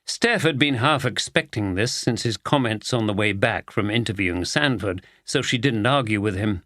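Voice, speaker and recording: A man reading a mystery audiobook aloud in steady, even scripted narration. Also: mid-range voice, moderate pace, few pauses, no echo, studio quality.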